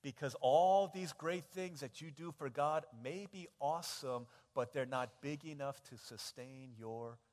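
A pastor preaching a sermon, telling stories with big swings between hushed and loud. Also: male voice, a little slow, few pauses, in a large hall. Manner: animated storytelling, big swings in pitch and loudness.

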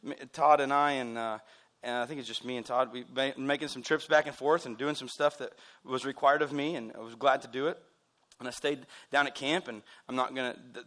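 A man preaching a sermon in a church. He is excitable and wired, and he throws in joking asides. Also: medium pitch. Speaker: pastor.

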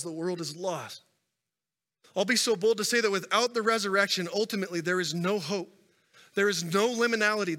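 A man preaching from the stage with a high, bright voice, building his stories up and then dropping to a hush. His words carry a long reverb through a large church sanctuary, picked up by a stage microphone. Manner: storytelling preacher, rising and falling intensity. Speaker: pastor. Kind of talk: sermon.

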